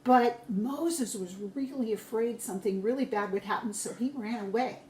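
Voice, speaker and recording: A woman teacher telling a story to young children in a slow, gentle way. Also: a little high, echoey room.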